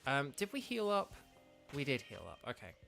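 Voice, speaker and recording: A man's voice: medium pitch, wildly swooping pitch, normal speed, creaky, fairly bright tone, soft background music. A man, congested, hosting a let's play with rambling, filler-heavy commentary. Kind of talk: casual game commentary.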